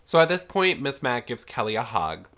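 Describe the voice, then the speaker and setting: Very animated and a bit bright, a young man with a mid-range voice hosts a podcast at a moderate pace. He sarcastically and casually rehashes a horror film, saying "like" constantly, his voice stuffy from a sinus infection.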